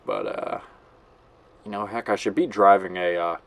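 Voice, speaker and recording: Giggly, rambling man with a lowish voice. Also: moderate pace, long pauses, fairly bright tone. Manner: rambling, giggly, self-mocking. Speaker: gameplay commentator. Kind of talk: casual gameplay commentary.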